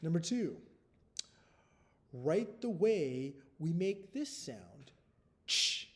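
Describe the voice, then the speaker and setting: A man's voice: on the high side, warm tone. A male first-grade teacher giving a recorded spelling test to young children, patient, often checking in with "okay?" after each step.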